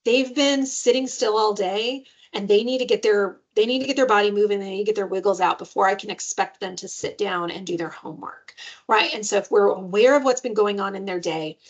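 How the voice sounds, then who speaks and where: A woman's voice: medium pitch, brisk, dull audio. A woman giving an informal parenting webinar, speaking conversationally and often checking in with "right?". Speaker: parenting trainer.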